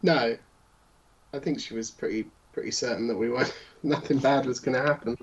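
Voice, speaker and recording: A man's voice: mid-range voice, steady tone, brisk, lo-fi sound, a little hiss or hum. A man playing a tabletop role-playing game, talking wryly with hesitant restarts and frequent chuckles. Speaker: player. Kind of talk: tabletop role-play banter.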